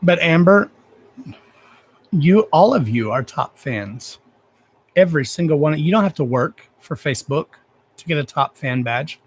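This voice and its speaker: This livestream host has a husky, animated voice on the high side, and he talks a little slowly with long pauses. Chatting casually with his viewers, he's blunt and swears a lot, yet he gushes over them with clear affection.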